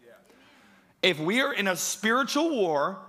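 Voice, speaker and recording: A man's voice: high voice, very animated, unhurried, sharp tone. A man preaching a sermon to a church congregation, emphatic and driving, calling out for praise in call-and-response. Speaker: pastor. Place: church sanctuary.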